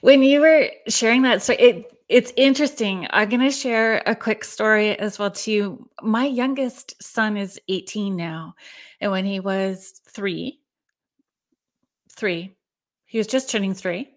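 A woman's voice: medium pitch, measured pace. A woman in her forties hosting a show, reading viewer comments and telling a personal story in a casual, friendly way. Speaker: podcast host.

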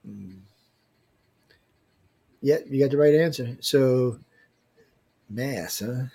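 Very slow and creaky, his mid-range voice is mellow with a breathy edge. He's hosting a laid-back livestream giveaway, reading out viewer emails and poking fun at them in loose slang.

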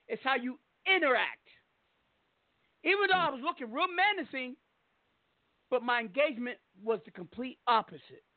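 A man hosting a talk radio show, telling a story in a blunt, animated way with plenty of swearing. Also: very high-pitched, dry recording. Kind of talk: casual talk radio monologue. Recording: phone-like call-in line.

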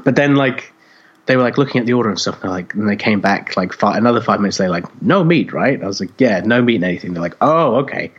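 Husky man telling a lively anecdote. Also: fairly low pitch, fast, muffled recording. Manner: animated, swearing, acts out voices in anecdotes. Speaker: podcast co-host. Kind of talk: casual storytelling chat.

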